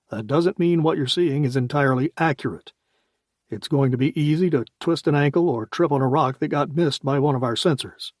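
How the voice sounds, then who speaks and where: A man voicing a steady, matter-of-fact ship captain. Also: mid-range voice, dry recording, studio quality, close to an everyday voice.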